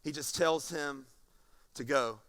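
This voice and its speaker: A man preaching a sermon as pastor, animated and often repeating words. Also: fairly high pitch, slow pace.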